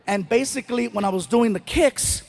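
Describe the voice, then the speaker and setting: High-voiced animated comedian. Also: male voice, moderate pace, creaky. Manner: animated, storytelling. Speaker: stand-up comedian. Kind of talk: stand-up storytelling.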